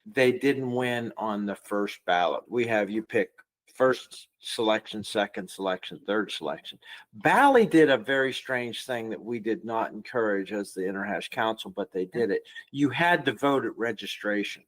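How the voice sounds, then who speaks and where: A man hosting a casual podcast interview, explaining things in a measured way with some restarts. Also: lowish voice, animated. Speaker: podcast host.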